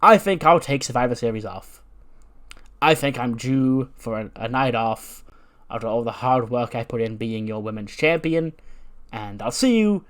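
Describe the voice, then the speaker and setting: A man's voice: medium pitch, lively intonation, moderate pace, fairly bright tone, smooth, lightly acted. A man voicing a smug woman champion. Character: cocky female wrestling champion.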